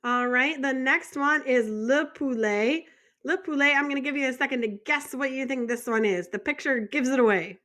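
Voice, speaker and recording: A woman's voice: sits high, normal speed, a bit bright. An American woman teaching a French vocabulary lesson in a chatty way, joking and asking the viewer questions. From United States.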